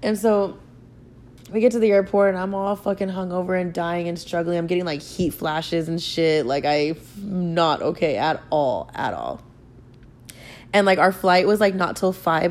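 A woman's voice: lowish voice, a little mellow. A young woman podcast host casually telling a profane, rambling story, filling her talk with "like". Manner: profane, rambling, heavy use of "like".

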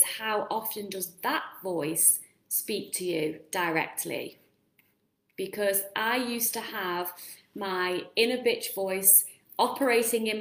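Blunt, chatty woman coach on a live stream, mid-pitched voice, casual swearing, recorded in an echoey room. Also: fairly bright tone. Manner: direct, asks the viewer questions, casual swearing. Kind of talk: live-streamed motivational talk.

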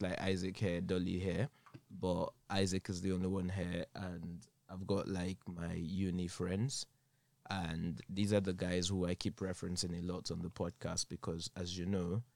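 A man's voice: sits low, flat delivery, moderate pace, gravelly, a little mellow, no echo. A young man hosting a podcast, chatting loosely with friends in a studio, laughing often and filling with "like" and "yeah". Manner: laughing, loose, filler-heavy banter. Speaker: podcast host. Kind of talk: casual chat with friends. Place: recording studio.

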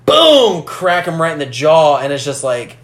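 A man in casual film discussion, animated, acting out movie lines as he retells scenes. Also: a little high, normal speed, echoey room. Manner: animated, acts out movie lines in character voices.

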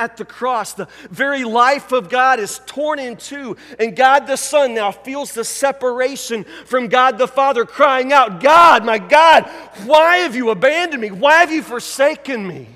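A pastor giving a sermon, preaching emphatically and repeating key phrases, dropping from loud to hushed. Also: male voice, very high voice, in a large hall.

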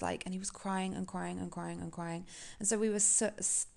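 A woman hosting a podcast, telling a painful personal story in a candid, halting, emotional way. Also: lowish voice, fairly even intonation, creaky, darkish tone. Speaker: podcast host.

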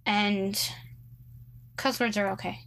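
A woman's voice: medium pitch, steady tone, slow, fairly bright tone, slight background noise. A young woman casually telling a story about a roommate, full of "like" and "um", with sarcastic asides. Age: young adult. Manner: chatty, many likes and ums, sarcastic asides.

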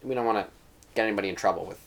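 A man co-hosting a podcast, teasing his friend with deadpan jokes in casual chat. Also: fairly low pitch, very fast, gravelly. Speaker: podcast co-host.

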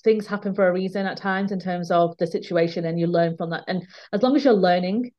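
A woman's voice: fairly low pitch, fairly quick, darkish tone. A woman, a guest who runs her own company, telling candid stories of speaking up at work, acting out what people said. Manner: emphatic, recounting confrontations with quoted dialogue. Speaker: guest, business owner. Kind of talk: candid storytelling in conversation. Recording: dull lo-fi sound.

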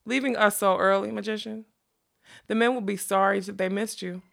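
A woman's voice: mid-range voice, fairly even intonation, normal speed, creaky. Woman reading as a fierce, bitter ragged camp woman. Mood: mocking. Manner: sharp, scolding and bitter. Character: fierce weathered middle-aged woman camp cook. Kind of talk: audiobook character reading.

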